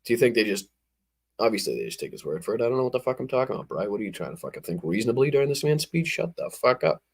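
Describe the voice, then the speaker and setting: A man hosts a show and talks over a speech in a loose, sarcastic way. He swears freely and often bursts into mocking remarks. His voice sits at an ordinary middle pitch. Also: sing-song, very fast, vocal fry, a little hiss or hum. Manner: sarcastic, swearing, laughing outbursts. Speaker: show host, commentator. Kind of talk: profane live reaction commentary.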